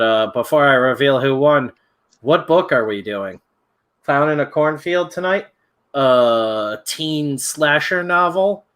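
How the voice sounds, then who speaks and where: A man in an easygoing chat, hosting a giveaway and thinking aloud as he goes. He rambles, drifts off now and then, and pokes fun at himself, in a voice of ordinary middle pitch. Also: fairly bright tone. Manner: rambling, easily distracted, self-deprecating. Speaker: podcast host running a giveaway. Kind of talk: casual chat.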